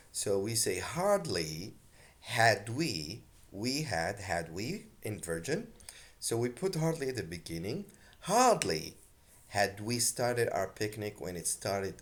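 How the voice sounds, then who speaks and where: A man teaching an English grammar lesson, explaining slowly and deliberately with frequent fillers, a native Arabic speaker. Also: on the low side.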